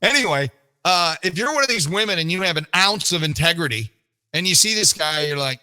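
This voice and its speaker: Brief: middle-aged male morning radio host, bright and a bit high, wisecracking, full of "uh"s. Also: lively intonation, fairly quick. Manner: wisecracking, rambling with many fillers. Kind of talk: joking studio banter. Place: radio studio. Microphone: studio mic.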